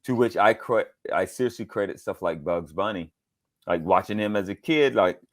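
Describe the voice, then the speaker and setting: A middle-aged man from Georgia, a voice actor being interviewed, telling animated stories and acting out quotes in different voices. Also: fairly low pitch, normal speed. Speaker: voice actor guest. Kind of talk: casual interview storytelling.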